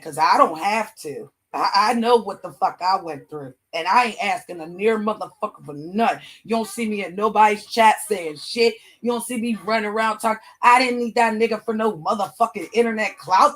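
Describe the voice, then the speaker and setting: A woman's voice: mid-range voice, normal speed, hardly any pauses, a bit bright. A woman hosting a livestream, venting angrily about an ex in heated, profane casual chat. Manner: angry, profane venting rant. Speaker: livestream host.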